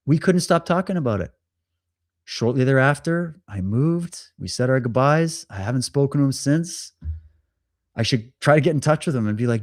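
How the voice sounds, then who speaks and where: Animated male livestream host, dry sound. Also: medium pitch, normal speed, dry recording. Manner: animated, stammers and repeats words, acts out quotes. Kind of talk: casual storytelling monologue.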